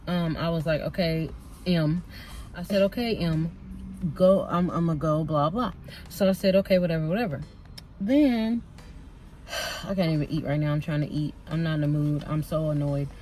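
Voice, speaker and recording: A woman's voice: lowish voice, darkish tone, a little hiss or hum. A woman in her thirties vlogging casually, telling a heated story about work with lots of swearing. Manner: heated, profane storytelling, addresses viewers as y'all. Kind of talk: casual venting vlog.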